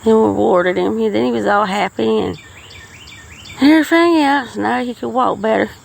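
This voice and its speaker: A woman's voice: a little high, normal speed, creaky, rough recording. Middle-aged woman podcaster, folksy and rambling, with faint crickets and traffic outside. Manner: rambling, folksy, with frequent restarts. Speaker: podcast host. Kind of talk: casual storytelling monologue.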